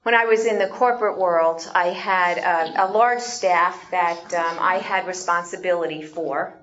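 A woman giving an animated storytelling talk, asking her audience questions as she goes. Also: lowish voice, unhurried, muffled recording. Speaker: speaker.

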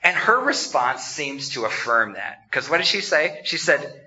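A male pastor delivers a sermon in a bright, fairly high voice that swings widely in pitch. He talks conversationally and acts out the lines he quotes. The recording is dull and lo-fi. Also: sing-song, measured pace. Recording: dull lo-fi sound.

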